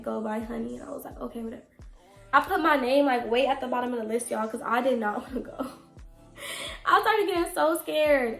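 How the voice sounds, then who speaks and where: High-voiced chatty young woman, echoey room. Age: 20s. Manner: chatty, animated, talks straight to viewers. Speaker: vlogger. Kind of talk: casual storytime vlog.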